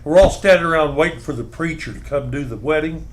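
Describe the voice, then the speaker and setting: Man, show host, rambling reminiscences, slightly high pitch. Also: quick pace. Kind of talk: casual chat.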